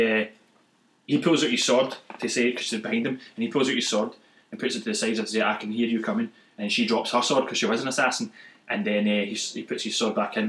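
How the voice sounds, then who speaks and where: A man's voice: mid-range voice, fairly bright tone, roomy sound, poor audio. A man, a podcast co-host, rambling through stumbling retellings in casual chat and laughing a lot.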